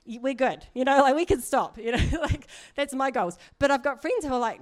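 A middle-aged woman preaches a sermon in a high voice, talking at normal speed with barely any pauses. Her church talk is chatty and earnest, sprinkled with frequent laughter and plenty of asides.

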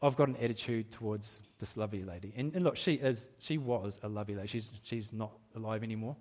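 A man's voice: on the low side, fast talker, a little mellow. A middle-aged man preaching a sermon in a church, candid and self-deprecating, laughing at himself and often restarting his sentences. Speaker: pastor.

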